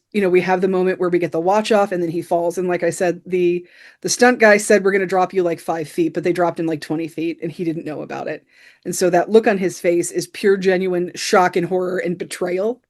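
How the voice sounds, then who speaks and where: A woman's voice: on the low side, a little mellow. A woman co-hosting a podcast, casually recapping a film scene by scene with lots of "you know" fillers. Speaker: podcast co-host. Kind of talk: casual film review chat.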